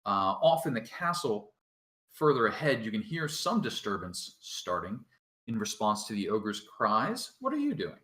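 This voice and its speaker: A man narrating a tabletop game as dungeon master, relaxed and quick to laugh. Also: on the low side, echoey room.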